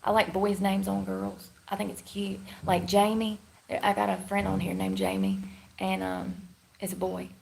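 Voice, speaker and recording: A woman's voice: mid-range voice, fairly even intonation, moderate pace, gravelly, darkish tone. A woman chatting casually with her livestream viewers in a blunt, rambling, slangy way.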